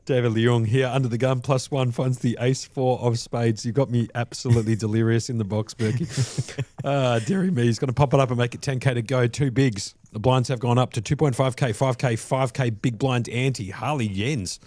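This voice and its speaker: A man calls poker hands live from a commentary booth. He keeps breaking into giggles between the action, at a middling pitch. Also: fairly even intonation, moderate pace, hardly any pauses, a little mellow, dry recording. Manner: giggly, laughing through lines.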